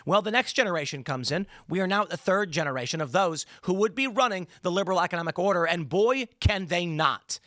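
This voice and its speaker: A man's voice: sits high, sharp tone, dry recording, studio quality. A man in his thirties hosting a solo political commentary show, talking emphatically with rambling, sarcastic asides.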